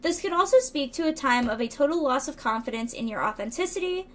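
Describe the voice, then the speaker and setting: A woman's voice: high voice, animated, quick pace, a bit bright. A woman streaming a tarot reading, reading card meanings aloud and chatting playfully with her viewers, often tripping over words and laughing at herself. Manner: chatty, playful, reads card texts aloud and riffs with chat.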